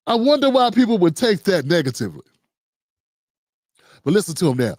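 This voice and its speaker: A man hosting a livestream and delivering animated, sarcastic commentary. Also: sits high, fairly quick, pauses often, no room sound, clean studio sound. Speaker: show host and commentator.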